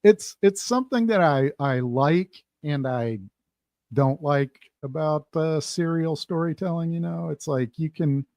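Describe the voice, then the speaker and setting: A man's voice: a little high, unhurried, darkish tone, dry recording. A man who is a guest on a casual chat show, talking in an easygoing way. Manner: easygoing, laughs often.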